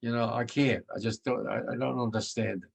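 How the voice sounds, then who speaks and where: Veteran in his nineties, gravelly voice, giving plain, vivid war testimony. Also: fairly even intonation, fairly quick. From United States. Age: 90s. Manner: blunt and vivid, voice sinks low and quiet when moved.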